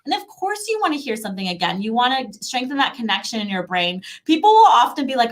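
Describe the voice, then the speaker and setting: Woman, slightly high voice, chatty and animated, brief guest spot on parenting and languages. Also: quick pace. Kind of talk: casual conversational advice.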